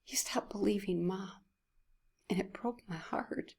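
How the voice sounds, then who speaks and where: A woman's voice: medium pitch, a little slow, gravelly, a little mellow. A woman giving a heartfelt devotional talk at church, emotional and often dropping to a whisper. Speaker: church speaker.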